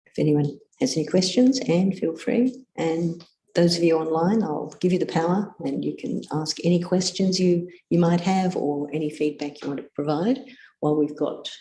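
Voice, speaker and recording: Relaxed, chatty meditation session host. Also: mid-range voice, normal speed. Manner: relaxed, chatty, laughs easily. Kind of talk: casual group facilitation. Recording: echoey room.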